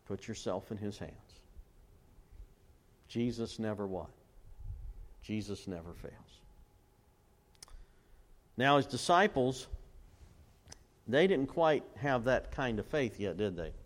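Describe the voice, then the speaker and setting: A man with a lowish, expressive voice preaches, drawing the congregation into call-and-response by having them fill in words. He cites scripture and reads hymn lyrics at a slow pace.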